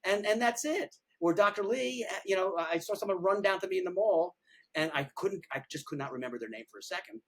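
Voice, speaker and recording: An older man, a retired dentist, talking casually in an interview, rambling and animated, often repeating words and restarting. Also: high voice, a little fast. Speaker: retired pediatric dentist, podcast guest.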